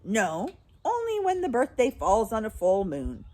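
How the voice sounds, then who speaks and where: A woman voicing a gruff, matter-of-fact male bear who keeps a zoo gate in a storybook reading. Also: wildly swooping pitch, unhurried, darkish tone, heavily acted. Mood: stern. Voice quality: deep, gruff.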